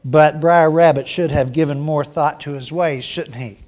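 A man's voice: fairly high pitch, steady tone, normal speed, darkish tone. A man preaching a sermon, who tells a folksy animal story in down-home speech. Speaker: pastor.

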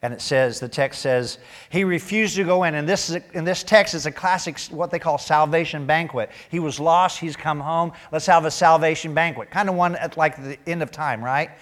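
A man's voice: on the high side, normal speed. A male pastor preaching a sermon in a church, talking conversationally and tossing joking asides to the congregation.

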